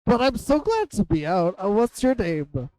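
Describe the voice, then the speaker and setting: A man playing a tabletop game, speaking softly and shyly in character. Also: high-pitched, big pitch swings, moderate pace, dry recording. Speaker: player. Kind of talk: casual tabletop play.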